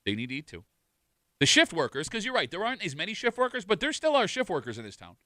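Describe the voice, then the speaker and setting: A man co-hosting a radio show, joking and bantering with animated energy. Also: high-pitched, quick pace, no echo, studio quality. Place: radio studio.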